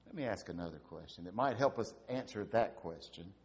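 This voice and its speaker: A man's voice: sits low, expressive, fairly quick, darkish tone. A man preaching a sermon, asking repeated rhetorical questions and building to emphatic peaks.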